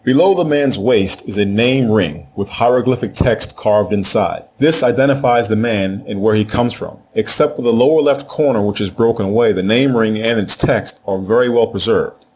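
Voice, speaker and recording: A man with a somewhat low voice delivers a scripted lecture. He explains steadily and methodically, with a faint hiss of noise behind him. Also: moderate pace, few pauses, darkish tone. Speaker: teacher. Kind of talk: scripted narration.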